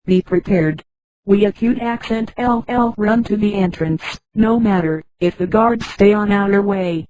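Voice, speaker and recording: A woman's synthetic voice reading an eager male flight controller, flat, speaking punctuation marks as words. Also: mid-range voice, unhurried, no room sound, lightly acted, low-quality recording.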